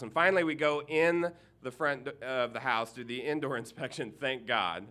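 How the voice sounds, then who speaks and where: A middle-aged man, a minister, telling a humorous personal story in an animated way and acting out the people in it. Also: mid-range voice, normal speed, hardly any pauses. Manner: animated, humorous, acts out characters.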